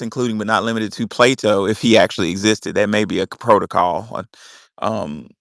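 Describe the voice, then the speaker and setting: A man's voice: fairly low pitch, creaky, dry recording, clean studio sound. A young man hosting a loose, casual audio chat, swearing freely and cutting in on others. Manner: loose and profane, cuts in often. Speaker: host.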